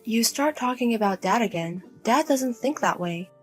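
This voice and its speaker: A woman's voice: on the high side, animated, moderate pace, soft background music, voice pushed down, natural voice. A woman voicing a single adult daughter who speaks bluntly and coldly to her mother. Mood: firm, exasperated. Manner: blunt, cold, lecturing.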